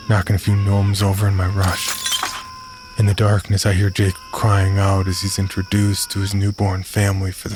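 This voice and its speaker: Deep, flat-voiced man narrating horror. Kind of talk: first-person horror story narration. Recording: narration over clear music bed.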